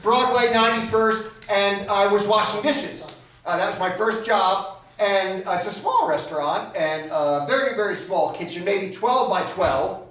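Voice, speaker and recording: A man's voice: high voice, unhurried, a bit bright. A man performing a solo comedy storytelling monologue on a small theater stage. He talks in a chatty, digressive, self-mocking way with dry comic asides. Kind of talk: live stand-up storytelling monologue. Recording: echoey theater, far from the mic, noisy.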